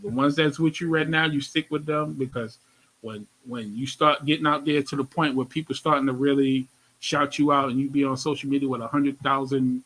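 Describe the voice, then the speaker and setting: Bright-voiced New York man hosting. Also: medium pitch, brisk, poor audio. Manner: animated, slangy, repeats his phrases. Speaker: radio show host. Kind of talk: casual interview chat.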